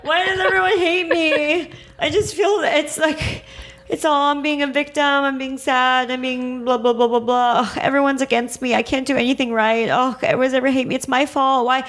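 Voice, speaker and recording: A woman putting on the voice of a whiny, self-pitying woman who feels everyone hates her, wailing in a high voice. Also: level tone, slow pace, few pauses, a bit bright.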